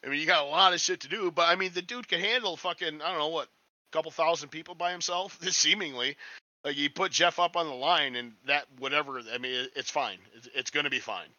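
A man's voice: on the high side, a little fast, sharp tone, no room sound, muffled recording. A man chatting casually as a restaurant line cook, rambling, swearing a lot and sounding cocky. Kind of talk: casual podcast chat.

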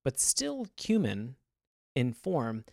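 A man's voice: mid-range voice, slow pace, gravelly, no echo. Rambling podcast man, dry close sound. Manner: rambling, animated, laughs often. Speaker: podcast co-host. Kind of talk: casual chat.

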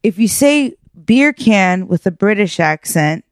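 A woman's voice: mid-range voice, lively intonation, no room sound, clean studio sound. A woman co-hosting a podcast in loose, casual chat, drawing out her words and laughing often. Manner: giggly, drawn-out, loose delivery. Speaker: podcast co-host.

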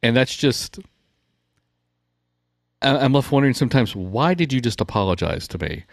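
A man's voice: mid-range voice, animated, normal speed, gravelly, no echo, studio quality. A man co-hosting a parenting podcast, telling wry everyday stories and acting out little scenes. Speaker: podcast co-host. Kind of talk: casual podcast discussion.

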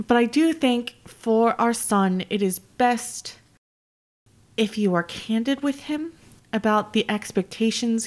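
A woman voicing a flustered woman speaking to her ex-partner, halting and correcting herself with many pauses. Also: medium pitch. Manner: halting, hesitant, many ums and self-corrections.

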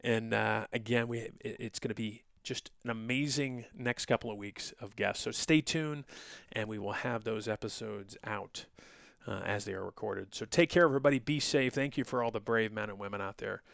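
A man's voice: on the low side, moderate pace, creaky, a bit bright, dry recording, clean studio sound. A middle-aged man hosting a solo podcast, talking in an indignant, sarcastic, lecturing way with frequent fillers. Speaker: podcast host.

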